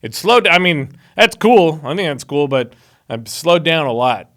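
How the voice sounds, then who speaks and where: A man's voice: medium pitch, lively intonation, normal speed, a bit bright. A man reading a Bible chapter aloud and cracking sarcastic jokes between the verses. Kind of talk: casual reading with commentary.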